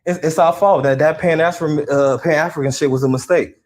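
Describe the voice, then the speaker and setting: A man's voice: fairly high pitch, steady tone, fairly quick. A man with a Chicago accent, a guest on a stream, chatting casually and agreeing often. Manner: agreeable, repeats himself, many affirmations. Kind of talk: casual call-in chat.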